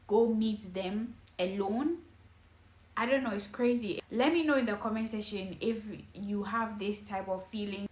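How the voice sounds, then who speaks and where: A woman's voice: mid-range voice, echoey room. A woman hosting a reaction video, giving earnest warnings in casual commentary and often asking "okay?". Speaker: host reacting to clips.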